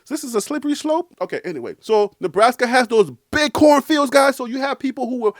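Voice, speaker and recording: A man's voice: extremely high pitch, expressive, fast, no room sound, clean studio sound. A man hosting a sports video, talking in a casual, joking way with chatty asides to viewers.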